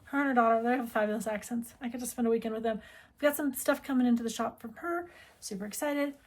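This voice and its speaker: A woman's voice: on the high side, quick pace. A middle-aged woman from the United States who owns a needlework shop, chatting casually and rambling as she talks. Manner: chatty, rambling, self-interrupting. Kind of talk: casual chat.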